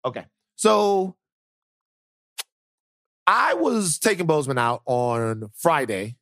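A man hosting a podcast, telling stories in casual chat with lots of repeated words, sinking lower and softer when the story turns serious. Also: sing-song, takes it slowly, creaky, dry recording, studio quality. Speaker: podcast host.

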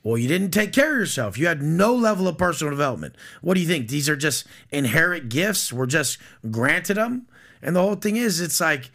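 A man's voice: on the high side, sing-song, brisk, gravelly, a bit bright. A man talking as a podcast guest, blunt and aggressive, swearing constantly and acting out conversations he has had. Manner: aggressive, swearing, acts out quoted exchanges. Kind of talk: blunt, profane casual talk.

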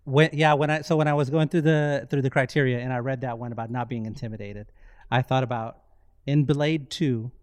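A man co-hosting a podcast, telling stories excitedly and swearing freely in casual chat. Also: medium pitch, fairly quick, dry recording. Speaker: podcast co-host.

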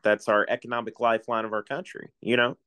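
A man's voice: mid-range voice, little pitch movement, fast, a bit bright, clean tone. A man in his forties, a retiring coast guard officer, telling folksy stories in a casual chat and chuckling often.

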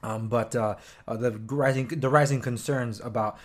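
A young man hosts his own news podcast, ranting loosely and with strong opinions at a normal speed. His pitch jumps high when he gets worked up, he adds sarcastic asides with mock quotes, and his casual, unscripted delivery is full of fillers, sometimes chewing as he talks.

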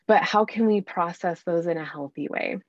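A woman's voice: fairly low pitch, moderate pace, dry recording. Earnest woman coach, muffled dry sound. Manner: earnest, faith-centered coaching talk. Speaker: parenting coach guest. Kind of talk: casual podcast interview.

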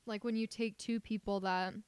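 Chatty woman co-host with a smooth voice. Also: mid-range voice, steady tone, moderate pace, no room sound. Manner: chatty, uses "like" a lot. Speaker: podcast co-host. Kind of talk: casual chat.

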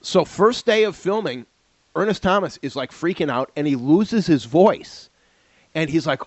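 A man with a fairly high voice co-hosts a podcast, telling stories with animated energy and frequent laughter. The recording is dry and a little muffled. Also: moderate pace, dry recording. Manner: animated storyteller, laughs often, repeats words. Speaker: podcast co-host. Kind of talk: casual chat about old TV shows.

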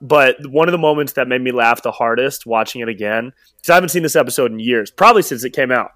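A man's voice: mid-range voice, fast talker, fairly bright tone, dry recording. A young man co-hosting a casual podcast, telling stories animatedly and laughing often. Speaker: podcast co-host. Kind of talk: casual rewatch podcast chat.

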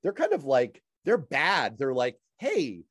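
A man hosting a radio talk show and podcast, animated and jokey, introducing and interviewing a guest. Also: mid-range voice, dry recording, clean studio sound. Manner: animated, jokey, quick asides. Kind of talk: casual interview chat.

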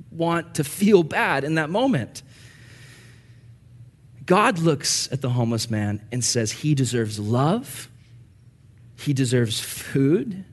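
A young man preaching a sermon, earnest and animated as he tells stories. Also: on the high side. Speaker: pastor.

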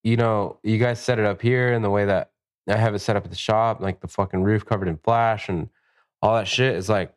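A man, a tattoo artist, chatting casually on a podcast with profane, animated storytelling. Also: on the low side, fairly quick.

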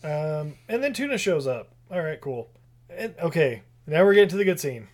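A podcast co-host in casual chat, walking through the plot in a relaxed way with lots of fillers. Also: medium pitch, normal speed. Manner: relaxed storytelling, filler-heavy. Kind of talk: casual movie recap chat.

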